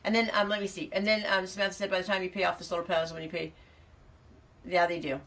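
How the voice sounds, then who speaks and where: A woman's voice: fairly low pitch, little pitch movement, fast talker, fairly bright tone, far from the mic. A woman from California chatting casually and rambling as she reads out viewer comments, laughing often. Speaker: farm vlogger reading viewer comments. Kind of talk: casual chat.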